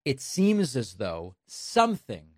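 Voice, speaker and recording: Male commentator, sarcastic, emphatic, mid-pitched, close dry mic. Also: wildly swooping pitch, slow, no echo. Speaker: political commentary host. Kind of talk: casual spoken commentary.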